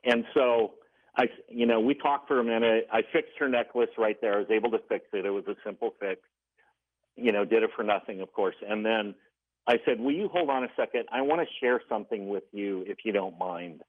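Over a tinny telephone line, a man with a fairly low voice calls in to a radio show and briskly tells a story. He's earnest, acting out each person's lines as quoted dialogue.

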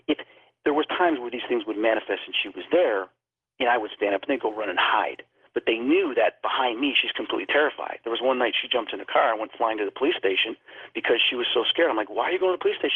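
A man's voice: on the low side, slightly rough, no room sound. A man telling a paranormal story as a guest on a talk show, acting out the people he quotes. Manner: animated, acts out quoted dialogue. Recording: phone-line sound.

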